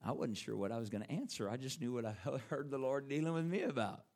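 A middle-aged man preaching in an earnest, conversational manner. His pitch sits in an ordinary middle range. He talks to his listeners as if chatting with them. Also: fast, few pauses, darkish tone. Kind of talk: sermon.

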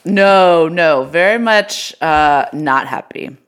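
A woman's voice: low-pitched, takes it slowly, clear, resonant tone. A woman co-hosting a podcast, setting up topics and teasing her co-host in a dry, wry way. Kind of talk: casual chat.

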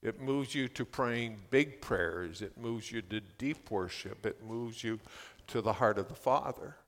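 Pastor guy preaching slow, gravelly bright voice, big echoey church hall. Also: fairly low pitch. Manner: builds to near-shouting fervent prayer. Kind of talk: sermon. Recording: long hall reverb.

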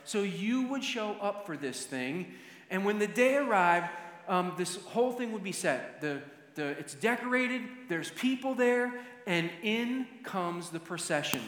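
A man's voice: high voice, fairly bright tone. A man telling a story to teach, acting out the scene vividly. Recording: echoey hall with long reverb.

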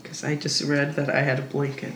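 A woman's voice: low-pitched, monotone, fairly quick, slight background noise. A woman playing in a tabletop role-playing game, joking around playfully. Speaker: player. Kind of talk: casual tabletop game chat. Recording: roomy echo.

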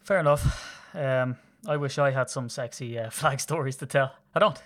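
A man in his thirties from Ireland, co-hosting a podcast in quick, teasing casual chat. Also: medium pitch, a bit bright. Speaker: podcast co-host.

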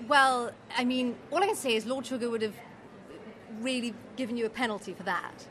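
A woman's voice: a little high, fairly quick, fairly bright tone, some chatter behind. A woman in casual chat, dry and incredulous, with wry asides.

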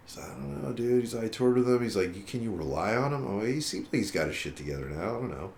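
A man's voice: fairly low pitch, quick pace, vocal fry, roomy sound, slight background noise. A man telling a long story in a casual interview, swearing freely and acting out what others said. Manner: profane, animated retelling with quoted dialogue. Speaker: musician guest.

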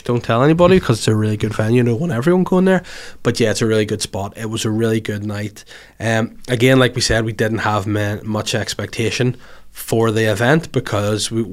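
A man hosting a podcast in casual, jokey chat, a little hoarse from covid, swinging between loud bursts and soft asides. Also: medium pitch. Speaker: podcast host.

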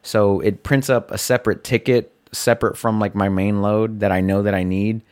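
A man's voice: on the low side, steady tone, normal speed, darkish tone. A man, a delivery driver, casually telling a work story with lots of fillers and restarts. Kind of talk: casual chat.

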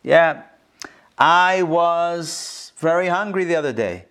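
A meek little sheep nervously confessing to a small theft, as a man puts him on in a parable. He hesitates and keeps correcting himself, in a somewhat high voice. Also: lively intonation, takes it slowly, fairly bright tone, clean tone, heavily acted. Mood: timid.

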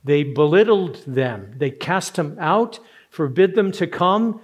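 A man's voice: a little high, lively intonation, takes it slowly, slightly rough. A man preaching a sermon, earnest and rising to strong emphasis on key words. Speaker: pastor.

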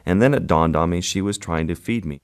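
A man, a photographer guest, recounting an encounter in a measured, vivid interview style. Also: low-pitched, a little hiss or hum. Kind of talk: interview storytelling.

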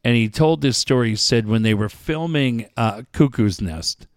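A man's voice: medium pitch, moderate pace, clear, resonant tone, no echo, clean studio sound. A man hosting a casual chat, telling stories with lots of swearing. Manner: profane, animated storyteller.

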